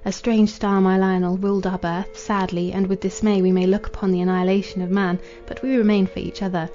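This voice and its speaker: A grieving young noble wife speaks softly and formally, tender and resigned, as a woman narrator reads her part. Her voice is mellow, quiet and level in pitch. The recording is dull and lo-fi, with faint music behind. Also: level tone, brisk, lightly acted. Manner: soft, formal, old-fashioned speech.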